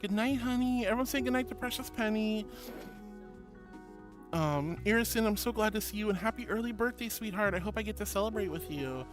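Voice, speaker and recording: A woman's voice: a little fast, faint music behind. A woman streamer chatting casually and reading out viewer messages. She is affectionate and bubbly, calls everyone honey and sweetheart, and gasps with delight. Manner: bubbly, with big gasps and swoops in pitch. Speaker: VTuber streamer.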